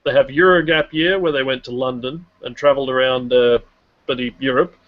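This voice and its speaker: Excited swearing man, muffled mic. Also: medium pitch, brisk. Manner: enthusiastic, swears casually. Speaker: podcast co-host. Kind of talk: casual review chat.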